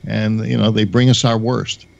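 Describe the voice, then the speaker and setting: A male caller airs his opinions in a fairly low voice with a wry, chuckling edge. His voice comes through a dull, lo-fi phone line. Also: level tone, moderate pace, gravelly. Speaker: radio caller. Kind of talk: phone-in chat.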